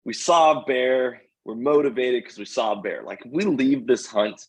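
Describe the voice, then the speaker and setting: Husky man telling a hunting story. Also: medium pitch, moderate pace, rough recording. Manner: animated storyteller, acts out voices. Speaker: podcast guest.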